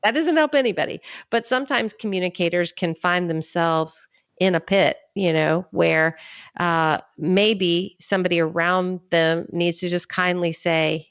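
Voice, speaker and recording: Earnest woman author explaining, low voice. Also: no echo, muffled recording. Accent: American. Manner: earnest, explanatory, measured teaching tone. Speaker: author and guest. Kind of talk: podcast interview.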